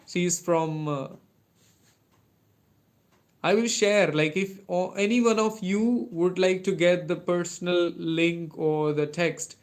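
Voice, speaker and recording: A young man with an Indian English accent, hosting a casual live stream and answering viewers with many fillers and restarts. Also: sits high. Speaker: English-learning livestream host.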